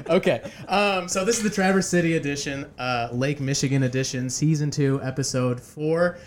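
A man's voice: a little high, moderate pace, few pauses, a little hiss or hum. A man hosting a casual podcast chat, joking and laughing often, with many fillers. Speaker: podcast host.

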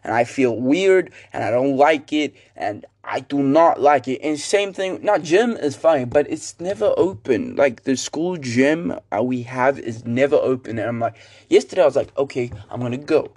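A man's voice: mid-range voice, moderate pace, darkish tone. A teenage boy hosting a solo podcast, rambling through a story in casual chat with lots of fillers. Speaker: student podcaster.

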